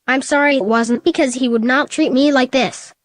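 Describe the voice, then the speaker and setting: A woman's voice: sits high, fairly even intonation, normal speed, no echo, lightly acted. A synthetic female text-to-speech voice reading the lines of a tired young female bat who has just had a baby. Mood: plain.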